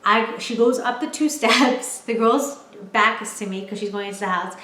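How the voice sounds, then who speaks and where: A woman in her twenties telling stories from home in a casual chat, animated and laughing, with lots of filler "like". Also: a little high, moderate pace. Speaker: vlogger, storyteller. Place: at home, in a room. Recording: roomy echo.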